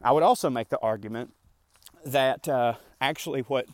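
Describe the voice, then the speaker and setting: A man's voice: mid-range voice, normal speed, no room sound. Winded man ranting on a jog. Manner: rambling, conversational, frequent fillers and asides. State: slightly out of breath from running. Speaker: podcast host. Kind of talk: casual ranting monologue. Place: outdoors in a park, jogging.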